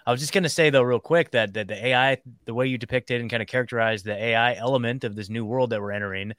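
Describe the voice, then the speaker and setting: A man hosting a podcast interview, affirming his guest and talking in a quick, conversational way. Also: medium pitch, fairly bright tone, no room sound, clean studio sound. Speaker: podcast host. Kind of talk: casual interview talk.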